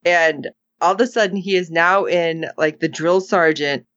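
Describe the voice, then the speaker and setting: A woman co-hosting a casual recap chat, animated and acting out characters' lines in put-on voices. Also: lowish voice, normal speed, muffled recording. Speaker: podcast co-host.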